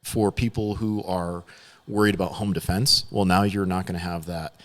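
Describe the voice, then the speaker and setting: A man's voice: low-pitched, steady tone, normal speed, fairly bright tone. A man who is a podcast guest, talking in an emphatic, opinionated way in casual chat.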